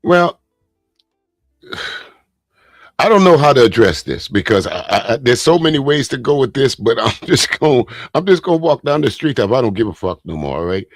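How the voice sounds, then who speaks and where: A man's voice: medium pitch, big pitch swings, fairly quick, no room sound, faint music behind. A man hosting a casual live commentary, blunt and profane, stammering as he reads viewer comments aloud. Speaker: host reacting to a speech and viewer comments.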